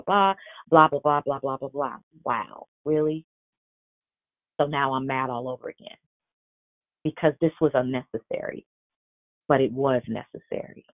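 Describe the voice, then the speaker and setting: A woman in her forties preaching a sermon, telling a personal story with animated, quoted back-and-forth dialogue. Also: sits low, no echo. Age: 40s. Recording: tinny phone-like sound.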